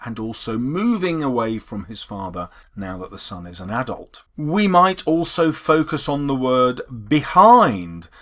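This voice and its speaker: Male English teacher, lively pitch, measured explanatory delivery. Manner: explanatory, stresses key words slowly. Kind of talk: poetry analysis lesson.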